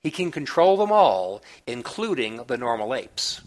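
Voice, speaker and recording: A man reviewing comic books, recapping the plot in a relaxed, chatty way with small asides. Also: mid-range voice, measured pace.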